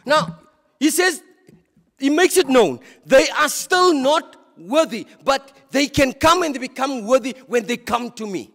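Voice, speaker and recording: A man's voice: very high-pitched, animated, unhurried, a bit bright. A South African man preaching a sermon in church as a deacon, impassioned, stumbling and repeating words as he goes. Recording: reverberant church hall.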